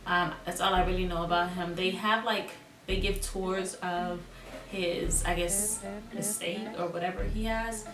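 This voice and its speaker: A woman's voice: on the low side, fairly even intonation, measured pace, far from the mic. Playful young woman vlogging in a roomy space. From Miami, United States. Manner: playful and jokey, repeats words for emphasis. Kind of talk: casual vlog talk to camera. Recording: roomy echo, a bit off mic, music behind.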